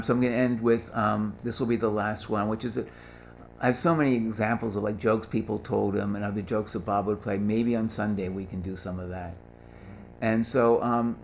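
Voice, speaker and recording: A man's voice: lowish voice, fairly even intonation, brisk, a little hiss or hum. An older man telling humorous anecdotes at a gathering, acting out the voices of the people he quotes. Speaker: speaker at a gathering. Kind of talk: storytelling talk.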